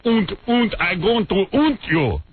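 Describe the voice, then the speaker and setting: A man putting on a mocked old German father with a heavy German accent and halting, broken speech. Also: high voice, sing-song, noisy background, voice pushed up. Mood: mocking. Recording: tinny lo-fi radio broadcast.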